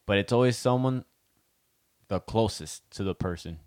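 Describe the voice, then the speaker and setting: A young man co-hosts a podcast in loose, casual chat, his voice sitting a little low. He swears freely and slips Spanish phrases into his talk. The sound is dry and close. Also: normal speed, darkish tone, clear, resonant tone, no echo. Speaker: podcast co-host.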